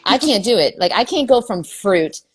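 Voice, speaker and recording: A woman's voice: medium pitch, lively intonation, normal speed, husky. A woman from New York, a guest in a casual video chat, talking bluntly and brashly and swearing freely.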